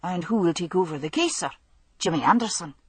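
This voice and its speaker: A woman's voice: fairly low pitch, expressive, fairly quick, slightly rough, dry recording. A woman voicing an easygoing young male constable, in an audiobook. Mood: earnest. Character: young Highland police constable, man, easygoing.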